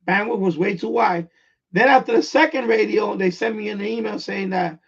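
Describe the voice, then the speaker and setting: A man talks at a normal speed in a high, gravelly voice with a breathy edge. He's a live-streaming radio hobbyist with a New York accent, born in Puerto Rico and raised in the Bronx, chatting bluntly and casually while rambling and repeating himself. The audio is dull and lo-fi.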